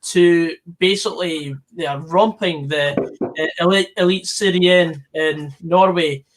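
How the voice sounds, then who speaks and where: A man's voice: fairly high pitch, steady tone, measured pace, noisy background. A man hosting a fan football stream, easygoing and reading out viewer comments. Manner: easygoing, reads out chat comments. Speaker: stream host. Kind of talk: casual football chat. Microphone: online voice call.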